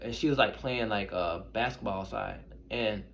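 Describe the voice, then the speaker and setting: A man's voice: fairly low pitch, moderate pace, gravelly, a bit bright, slight background noise. A young man, an intuitive reader, casually telling personal stories to his viewers in a rambling, conversational way. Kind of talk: casual storytelling to camera.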